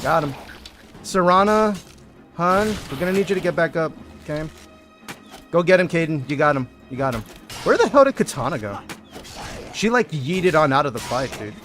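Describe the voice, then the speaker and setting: A man's voice: fairly high pitch, sing-song, moderate pace, long pauses, over music. A male streamer joking, swearing and talking to his game allies as he gives live gameplay commentary.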